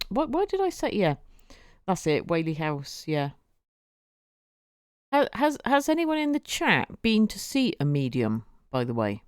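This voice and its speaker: Slow-talking woman chatting on stream. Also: medium pitch, dry recording, studio quality. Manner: rambling, repeats words, laughs often. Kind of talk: casual live-stream chat.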